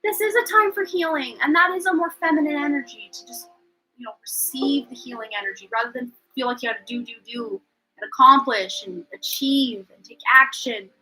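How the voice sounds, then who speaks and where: Woman tarot reader on a live stream; high, sharp-toned voice, chatty, rambling, pokes fun at herself. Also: fairly quick, faint music behind, rough recording. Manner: chatty and rambling, often unsure; self-deprecating, laughs at herself.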